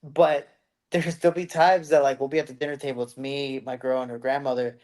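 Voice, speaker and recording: A man co-hosting a casual podcast, telling animated stories full of "like" and casual swearing. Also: medium pitch, fairly quick. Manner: animated storyteller, swearing, heavy use of "like". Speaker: podcast co-host. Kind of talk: casual chat.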